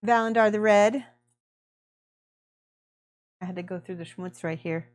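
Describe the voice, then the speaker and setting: A woman's voice: mid-range voice, measured pace. A woman hosting a miniature painting livestream, chatting effusively and thanking viewers by name while she works.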